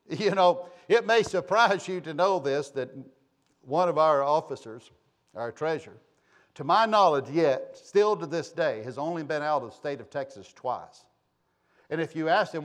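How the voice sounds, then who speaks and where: Man, preacher, sermon, impassioned, wide swings in volume, lively pitch. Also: moderate pace. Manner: impassioned, swings from soft to shouting. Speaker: pastor.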